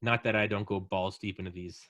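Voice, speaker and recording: A man's voice: on the low side, fairly even intonation, brisk, a bit bright, no echo. A young man hosting a casual podcast chat, rambling and swearing as he spins a story. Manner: rambling, profane, acts out drunk aliens in quotes. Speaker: podcast host.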